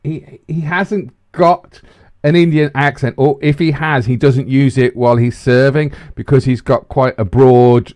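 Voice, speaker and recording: A man's voice: mid-range voice, unhurried, no room sound. A man from the bantering casually on a podcast as a co-host, laughing and swearing as he talks. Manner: animated, swearing, laughs often.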